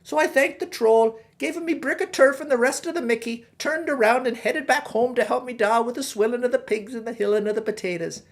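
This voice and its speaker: A woman's voice: on the high side, brisk, few pauses, lightly acted. A woman playing a chatty middle-aged Irish pig farmer in a stage Irish accent, telling a rambling comic story. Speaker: guest host. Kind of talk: comic monologue in character.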